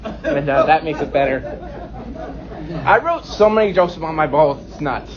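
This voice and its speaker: A man in his late twenties doing a self-deprecating stand-up set with deadpan punchlines on a comedy club stage. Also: a little high, moderate pace, a crowd in the background. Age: 20s. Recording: dull lo-fi recording.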